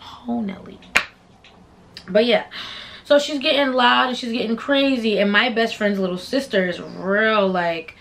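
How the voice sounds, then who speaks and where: A young adult woman vlogger telling a casual storytime, slangy and animated, acting out the voices of people in the story. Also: fairly high pitch, normal speed, slight background noise.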